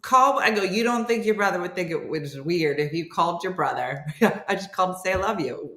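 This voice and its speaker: A woman hosts a casual comedy morning stream, greeting viewers by name and acting out each person in her stories. Her voice sits a little low but swings widely, lively and full of play. The room around her gives a clear echo. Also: normal speed, few pauses. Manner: animated storytelling, acting out quoted voices, laughing; reads out viewer names, chatty. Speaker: comedy morning show host. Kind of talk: casual livestream chat. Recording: roomy echo.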